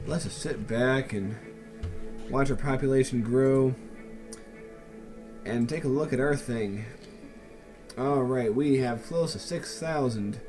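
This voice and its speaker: A man talks through his city-building game in a relaxed, unhurried drawl. His voice is mellow and warm, with dry, sarcastic asides. Faint music plays behind him. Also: medium pitch. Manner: wry, sarcastic, musing. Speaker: let's play host. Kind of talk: casual game commentary.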